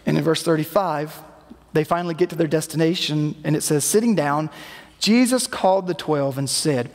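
Man, pastor, conversational sermon, high voice, long church reverb. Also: moderate pace, a little mellow. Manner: conversational preaching, acting out quoted lines. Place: church sanctuary.

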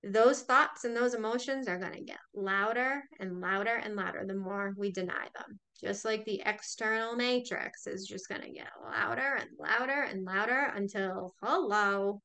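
A woman's voice: mid-range voice, moderate pace, gravelly, few pauses, pushed and bright, clear, resonant tone. A woman hosting a spiritual talk, speaking emphatically to her viewers with rhetorical questions and frequent swearing.

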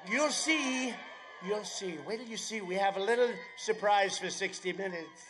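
A man with a fairly high voice gives a rally speech at an outdoor airfield. He wanders from point to point, slips in sarcastic asides, and now and then raises his voice to a shout. A faint hum of background noise sits under him. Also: normal speed, a faint crowd. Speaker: campaign speaker.

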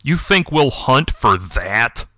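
A menacing tomcat, put on by a man reading aloud speaks from the shadows in a slow, hissing, scoffing drawl. The voice sits a little low but bright and sharp, with a smooth, crisp edge. It sounds close and dry, with no room around it. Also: dry recording. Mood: snide, menacing. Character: snide menacing male cat pack leader in shadows. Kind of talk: audiobook character voice.

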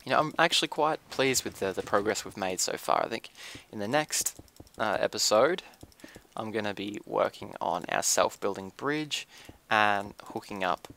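Gravelly-voiced man narrating a build. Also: on the low side, normal speed. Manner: relaxed, thinking aloud with frequent ums. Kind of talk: casual gameplay commentary.

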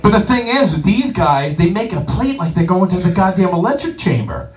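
A man doing a stand-up comedy set in a comedy club, brash, profane and animated. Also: high voice, brisk, faint music behind. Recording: roomy club sound from a distance, audience.

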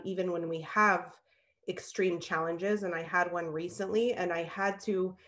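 A woman with a lowish voice speaks earnestly during a class, reflecting on a recent personal challenge. Her tone is thoughtful and sincere. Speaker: class participant. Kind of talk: casual sharing.

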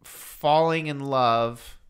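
A man with a smooth, resonant voice, chatting casually as a podcast co-host. He rambles and jokes, telling stories with animated energy. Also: medium pitch, drawn-out words. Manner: rambling, jokey, animated storytelling. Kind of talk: casual chat.

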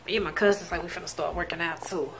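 A woman's voice: lowish voice, steady tone, fast talker, vocal fry. Chatty woman vlogger, noisy car. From Texas, USA. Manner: chatty, rambling, talks straight to viewers. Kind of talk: casual chat to viewers. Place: in a car and at home. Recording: loud background noise from a car.

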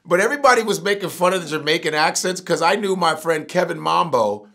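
A middle-aged man and comedian talking casually as a guest, animated and profane. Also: high voice, quick pace, vocal fry. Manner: animated, profane, prone to outbursts. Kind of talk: casual interview chat.

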